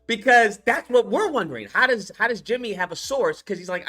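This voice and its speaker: A man reviewing a film in a casual rant, animated and profane, laughing as he recaps scenes. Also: high voice, a little fast, soft background music.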